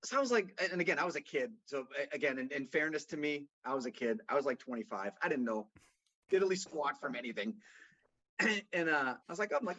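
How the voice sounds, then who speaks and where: A man's voice: a little high, lively intonation, quick pace, fairly bright tone. A man from Boston with a faint, mostly neutral American accent, telling rambling stories in a casual podcast conversation. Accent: slight Boston, mostly neutral American. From Boston, USA. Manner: rambling storyteller, frequent restarts. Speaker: guest, consultant. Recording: dull lo-fi audio.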